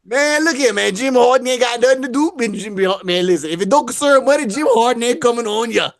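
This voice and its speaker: A man with a strikingly high voice hosts a podcast, trading casual banter and telling stories animatedly. He laughs a lot and stacks repeated words. The sound is dry and close. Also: expressive, brisk, no room sound. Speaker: podcast host.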